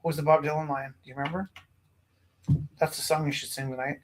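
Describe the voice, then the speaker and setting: A man from Canada telling a story in casual chat, animated, acting out the quotes loudly. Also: a little high, quick pace, a little hiss or hum. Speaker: host.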